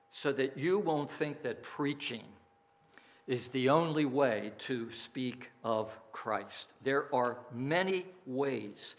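A male pastor delivers a sermon at an unhurried, measured pace. His voice sits in a middle pitch, and he leans on key phrases with emphasis. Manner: slow, deliberate preaching with emphatic phrasing.

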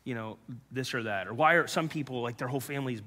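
With a mid-range voice, a man sharing his own testimony from the pulpit speaks sincerely but haltingly, repeating himself and sometimes lowering to near whispers. The sound carries a long hall reverb.

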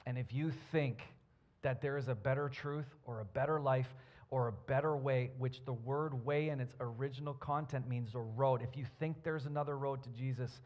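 A man's voice: mid-range voice, fairly even intonation, normal speed, a little mellow. A man preaching a sermon as a pastor, earnest and building his points with emphasis.

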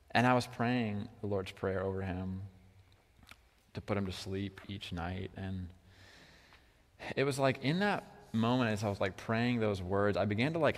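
A young man preaching a sermon about his children in a casual way, full of "like", moving between hushed and loud moments. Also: fairly low pitch. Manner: casual, heavy use of "like", swings from hushed to loud. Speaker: pastor. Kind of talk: sermon with personal story. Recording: long hall reverb.

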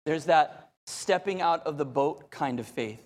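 A man's voice: a little high, a little slow. A man preaching a sermon, telling a story with animation, often repeating phrases and speaking directly to the crowd. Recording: long hall reverb.

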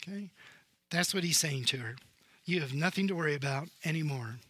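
A man pastor preaching a sermon, telling the story with animated swings from loud emphasis to hushed tones. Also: a little high, brisk, no echo.

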